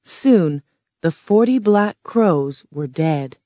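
A woman narrating a storybook in a plain, measured reading voice. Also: fairly low pitch, animated, dark tone, no echo.

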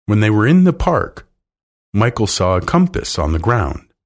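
A man reading a children's story aloud slowly and expressively as storyteller. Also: lowish voice, very animated.

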